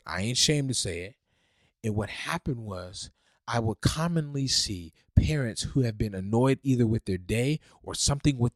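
A man hosting a faith podcast, preaching with fervor and swinging from loud calls to hushed, pleading talk. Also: lowish voice, dry recording, studio quality. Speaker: podcast host.

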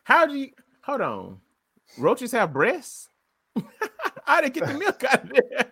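A young man co-hosting a casual chat, teasing his friends and repeating himself in quick bursts. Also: very high-pitched, huge pitch swings, vocal fry, very noisy. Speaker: podcast co-host.

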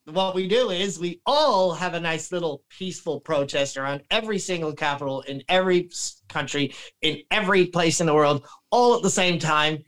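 A man with a somewhat high voice, chatting as a podcast guest. He rambles and talks in an animated way, often breaking off mid-sentence and starting over. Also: moderate pace, low-quality recording. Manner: rambling and animated, with many restarts and throat clearing. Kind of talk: casual podcast chat.

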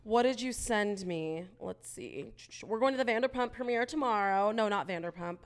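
A woman's voice: mid-range voice, moderate pace. A hungover woman co-hosting a casual pop-culture podcast, chatty and teasing her co-host.

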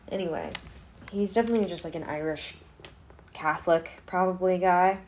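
A woman chatting casually to camera at home, rambling and swearing, swinging from hushed whispers to loud outbursts. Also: lowish voice, steady tone, normal speed, slight background noise. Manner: rambling, profane, drops to whispers then gets loud. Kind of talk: casual vlog chat.

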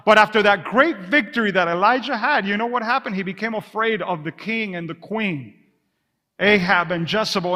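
A man preaching a sermon as a pastor, drawing the congregation into call-and-response, dropping to a hush on soft words and telling stories with lively acted asides. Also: high voice, normal speed, big-room sound. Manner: energetic storytelling with acted asides.

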